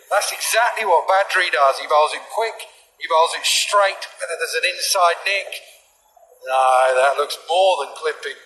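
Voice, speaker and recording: A man giving live cricket commentary, calmly analysing the bowling and batting. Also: on the high side, echoey room, a little hiss or hum, rough recording. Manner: analytical, measured.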